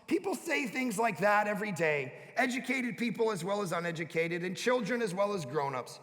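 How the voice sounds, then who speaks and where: A middle-aged man preaching a sermon, telling family stories and breaking into shouts as he acts out his kids. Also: sits high, lively intonation, fairly quick, few pauses. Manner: storytelling preacher, bursts into shouting when acting out kids. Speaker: pastor. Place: church hall. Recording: long reverb of a church hall.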